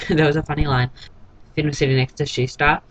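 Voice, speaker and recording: A man's voice: on the high side, little pitch movement, fairly quick, a bit bright, slight background noise, poor audio. A man giving a casual, gossipy vlog recap of a TV episode in a catty, sarcastic way. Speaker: TV episode reviewer.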